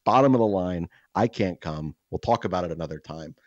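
A very low-voiced man hosts a podcast and talks in a loose, swearing ramble that keeps restarting itself. The sound is dry and close, with a slightly dull, lo-fi tone. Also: a little fast, dry recording. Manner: rambling, profane storytelling with many restarts. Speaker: podcast host. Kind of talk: casual podcast chat.

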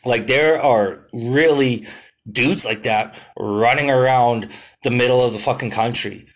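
A young man hosting his podcast, talking casually and excitedly, full of swearing and "dude" and "like". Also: mid-range voice. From Canada. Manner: profane, excitable, drawn-out "dude" and "like" fillers. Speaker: podcast host. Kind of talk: casual solo podcast monologue.

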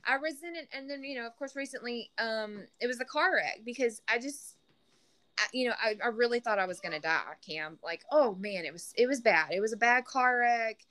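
A woman's voice: a little high, expressive, moderate pace, fairly bright tone. A single mother talking earnestly in a podcast conversation, often restarting her sentences. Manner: earnest, frequent restarts and "you know".

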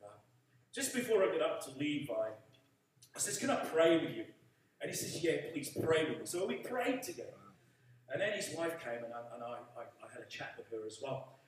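A man's voice: a little high, big pitch swings, a little fast, slight background noise. A man preaching, telling a story and leading prayer, acting out the dialogue. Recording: echoey room from far off.

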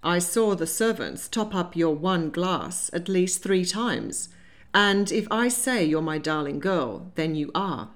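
A woman voicing a composed, dryly amused young Regency gentleman in an audiobook. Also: on the low side, animated, takes it slowly. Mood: wry. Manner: wry, teasing, composed.

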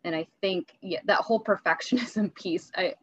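A woman teacher talking candidly as a podcast guest, chatty and quick to laugh, often restarting her sentences. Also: medium pitch, slightly rough, dull audio. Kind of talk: casual interview talk.

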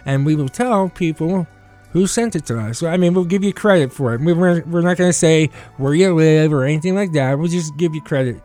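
A man's voice: on the high side, brisk, darkish tone, faint music behind. A man co-hosting a casual talk show, rambling with lots of fillers and laughing often. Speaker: podcast co-host. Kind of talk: casual chat.

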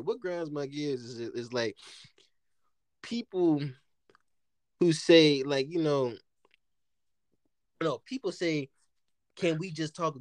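Animated, laughing man telling stories. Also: a little high, dry recording. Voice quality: animated, laughs often, swears freely. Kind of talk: casual storytelling chat.

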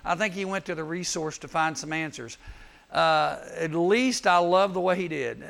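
A man preaching a youth sermon, telling Bible stories in an animated way and acting out the voices. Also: a little high, normal speed, gravelly. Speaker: youth speaker.

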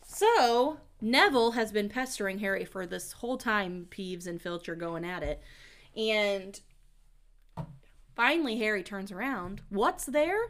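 A bright, giggly woman co-hosting a book podcast. She speaks slowly, with a pitch that climbs and falls a great deal. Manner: giggly, animated. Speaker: podcast co-host. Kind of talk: casual book discussion.

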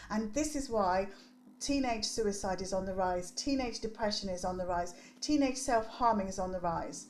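A woman's voice: mid-range voice, normal speed, darkish tone, a little hiss or hum. Emphatic woman guest, tags "right?". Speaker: podcast guest, youth development coach. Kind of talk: animated interview talk.

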